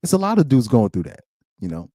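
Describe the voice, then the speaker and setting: A man's voice: medium pitch, wildly swooping pitch, fast talker, mellow, dry recording, clean studio sound. A young man hosting a live-streamed podcast in casual chat, rambling and laughing often between loose, filler-heavy sentences. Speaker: podcast host.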